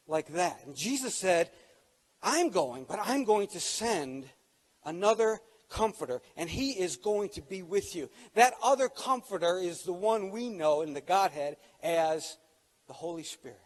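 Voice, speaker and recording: A middle-aged pastor with a fairly high voice delivers a sermon in a relaxed, conversational manner. He talks to his listeners directly and grows louder and higher when he quotes scripture. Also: measured pace. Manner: conversational preaching, rises in pitch and volume on quoted scripture.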